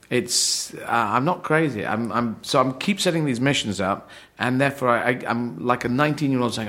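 A middle-aged man born in Yemen, a comedian chatting on a podcast, rambling and playful, slipping into quick mock voices. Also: medium pitch, fairly bright tone. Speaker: comedian guest. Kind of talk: casual podcast chat.

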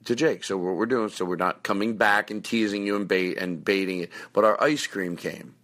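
A man with a voice on the low side speaks at normal speed while hosting a podcast from a hotel room. He chats casually and jokes around in a rambling, animated way.

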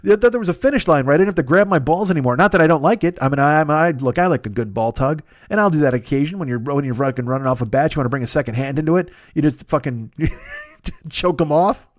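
A man's voice: on the high side, lively intonation, racing, few pauses, dry recording, clean studio sound. A man in his fifties riffing in a rambling, profane comedy monologue, laughing at his own jokes. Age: 50s. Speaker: podcast host.

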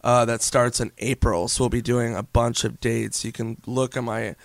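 A man's voice: medium pitch, level tone, normal speed, gravelly, no room sound. A man talking as a guest in a casual interview, loose and laughing, swearing often and filling with "like". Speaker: comedian and actor guest.

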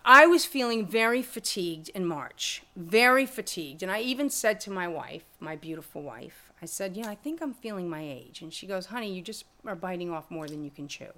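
A middle-aged woman telling her story in an interview, blunt and profane, with lively retellings of conversations. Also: lowish voice, fairly quick, hardly any pauses. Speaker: guest, music lawyer and teacher. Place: room with a live audience.

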